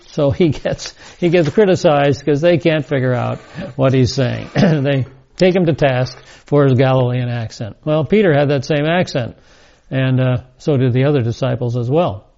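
A man's voice: mid-range voice, normal speed, warm tone. Man teaching scripture, muffled recording. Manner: reads verses, adds casual asides. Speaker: Bible teacher. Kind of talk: scripture lesson. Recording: dull lo-fi recording.

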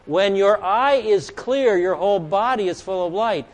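Higher-voiced man teaching scripture. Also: lively intonation, measured pace. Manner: asks the audience questions and jokes with listeners; reads scripture aloud with emphasis. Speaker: Bible teacher. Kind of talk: conversational Bible teaching.

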